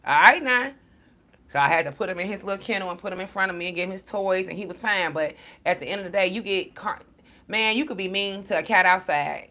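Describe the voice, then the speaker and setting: A woman giving a casual livestream talk as a spiritual reader, blunt and profane, preaching to her viewers. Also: fairly low pitch. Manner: animated storytelling to viewers.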